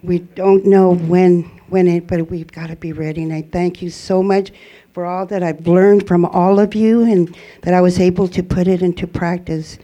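Earnest woman with a mellow voice. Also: on the low side, fairly even intonation, moderate pace, lo-fi sound. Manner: earnest, rambling, with frequent restarts. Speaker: church member giving a testimony. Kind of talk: personal testimony to a congregation.

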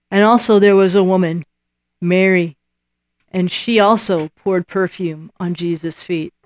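A woman preaching a sermon, lively and emphatic, acting out the voices she quotes and repeating lines for emphasis. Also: on the low side, dry recording.

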